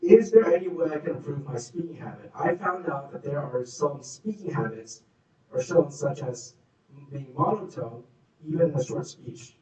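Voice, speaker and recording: A man's voice: fairly high pitch, animated, normal speed, a little mellow, far from the mic. A man giving a live workshop talk, answering audience questions with coaching tips and acted demonstrations of how people sound. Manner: coaching, demonstrates voices and moods. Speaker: workshop speaker. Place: meeting room. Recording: echoey room, speaker off mic.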